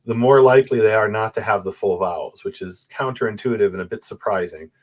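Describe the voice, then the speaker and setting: A man on the low side of pitch talks fast as he joins a conversation by video call as a Bible manuscript scholar. Seated before a bookshelf photo backdrop, he explains his research in animated, step-by-step fashion, regularly checking in with "right?".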